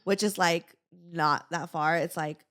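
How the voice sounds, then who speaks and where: A young woman co-hosting a podcast, chatting casually and reading a listener's letter, with lots of "like" and quick laughing asides. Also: on the low side, steady tone, a bit bright. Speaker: podcast co-host.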